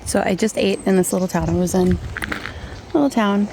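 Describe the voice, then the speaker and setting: A mid-range female voice comes through a bit quickly against background noise. The speaker is a long-distance trail hiker vlogging outdoors as she walks, talking openly and frequently laughing into her handheld camera.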